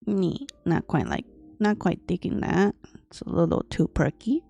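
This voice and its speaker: Slow, gravelly woman with put-on grandma voice. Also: lowish voice, sing-song, dark tone. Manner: deliberately aged, grandma-like voice; thinks aloud in short broken phrases. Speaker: artist streaming her drawing process. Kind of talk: casual livestream commentary while drawing.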